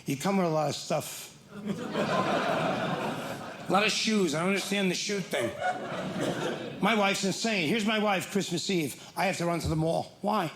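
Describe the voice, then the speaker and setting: A man with a fairly high voice tells wry, mock-exasperated stories on a comedy club stage. His handheld mic picks up the room's echo, and loud crowd noise sits behind him. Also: moderate pace, pauses often. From Ireland. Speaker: stand-up comedian. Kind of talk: stand-up comedy set.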